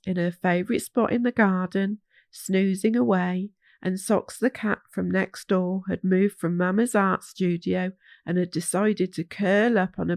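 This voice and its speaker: A woman reading a children's bedtime story aloud, slow and soothing. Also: medium pitch, darkish tone, no echo, studio quality.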